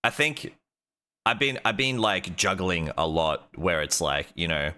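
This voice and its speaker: A man hosting a casual streamer interview, talking in a halting way with many restarts. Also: sits low, lively intonation, bright, forceful tone.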